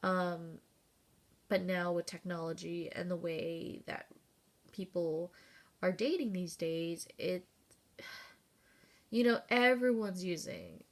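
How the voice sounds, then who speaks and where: Gravelly, candid woman vlogger in her thirties. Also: on the low side, steady tone, slow, pauses often. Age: 30s. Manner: rambling and candid, with fillers and swearing. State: tearful, close to crying. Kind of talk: casual personal vlog.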